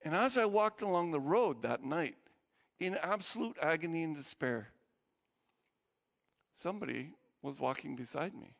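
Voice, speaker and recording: A man preaching a sermon as pastor, telling stories with feeling, his voice climbing high and then dropping to a hush. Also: lively intonation, moderate pace, gravelly, long pauses, long reverb tail. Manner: emotional storytelling, voice rising high and dropping low to a hush.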